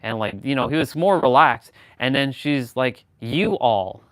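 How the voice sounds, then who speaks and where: A man hosting a casual chat, rambling with lots of fillers and restarts, shifting into livelier, louder stretches when worked up. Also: mid-range voice, moderate pace, smooth, no echo. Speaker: host.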